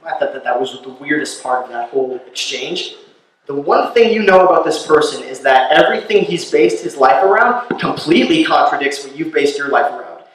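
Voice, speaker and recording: Echoey stand-up comic, slightly high voice. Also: male voice, animated, brisk, distant mic. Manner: storytelling, builds to loud incredulous rants. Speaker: stand-up comedian. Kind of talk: stand-up comedy set. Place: live comedy venue. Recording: very echoey room, voice from off-mic.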